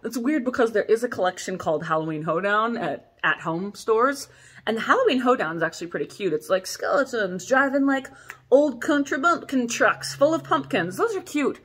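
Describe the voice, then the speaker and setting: A young adult woman hosting a casual product vlog, rambling and animated as she chats about corsets. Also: on the high side, normal speed, breathy edge. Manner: rambling, animated, laughs and coughs often. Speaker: corset shop host.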